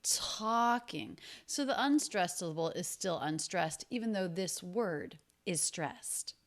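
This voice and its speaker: A woman teaching English pronunciation, explaining each sound slowly and repeating words to demonstrate them. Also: lowish voice, expressive, noisy background. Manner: slow and deliberate, repeats sounds to show them. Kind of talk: explaining pronunciation from a film clip.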